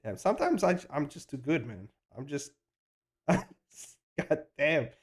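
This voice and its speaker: A man chatting casually on a live stream while he animates, excitable and hyping himself up, swearing freely, rambling with restarts and slang. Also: on the high side, slow. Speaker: animator streaming his work.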